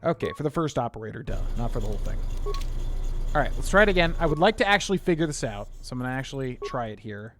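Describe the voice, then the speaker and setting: A man's voice: mid-range voice, very animated, fast talker, background noise. A man streaming a video game, thinking aloud as he works through sums and grumbles in a half-joking way. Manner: thinks aloud, counting and muttering sums to himself. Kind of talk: casual let's-play commentary.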